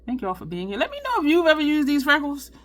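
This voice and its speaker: A woman's voice: high-pitched, huge pitch swings, rapid-fire, a bit bright. A woman, chatting casually in a makeup tutorial, rambling and apologetic, with sighs and many restarts. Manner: frustrated, rambling, apologetic, repeats herself. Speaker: beauty vlogger.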